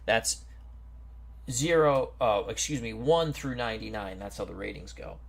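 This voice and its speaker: A man hosting a football strategy game stream, reading out team rosters and greeting viewers in a chatty, unhurried way. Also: lowish voice, creaky. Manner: slow, chatty, greets viewers and stumbles over names. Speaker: host. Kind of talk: casual game commentary.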